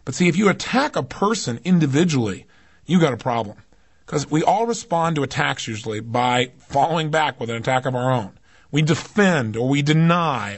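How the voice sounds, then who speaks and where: A male self-help speaker with a husky, breathy edge, talking in a fairly high register. He swings between quiet, confiding asides and forceful, rising emphasis as he teaches. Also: no echo. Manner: emphatic, swings between low intimate asides and raised intensity. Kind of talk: recorded motivational lecture.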